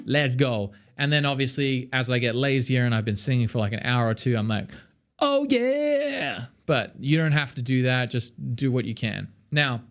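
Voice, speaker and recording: Casual Australian male vocal coach, young, talks off the cuff with lots of fillers. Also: medium pitch. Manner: chatty, lots of fillers, sings demonstrations.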